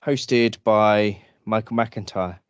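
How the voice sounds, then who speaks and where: A man's voice: fairly low pitch, slow pace, clean tone, no room sound, lo-fi sound. A man co-hosting a casual podcast, joking around, stammering into restarts and breaking into silly voices. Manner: animated, jokey, lots of stammered restarts and silly put-on voices. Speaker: podcast co-host. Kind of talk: casual chat.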